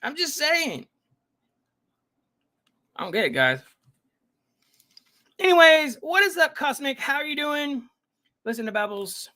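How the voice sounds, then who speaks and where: Animated, bright-voiced man live-streaming. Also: very high voice, measured pace, long pauses. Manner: greets viewers by name, rambling and chatty; frequent laughs and self-interruptions. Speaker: livestream reaction host. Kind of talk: casual live-stream chat.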